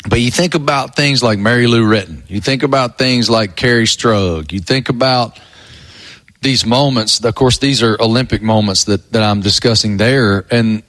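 A man's voice: mid-range voice, normal speed, a bit bright. A man co-hosting sports talk radio in a studio, speaking in an easygoing, agreeable way.

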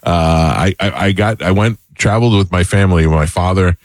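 Man, radio host, very deep voice, casual chat, rambling stories, dry sound. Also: moderate pace, no room sound. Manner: laughs easily, rambling anecdotes.

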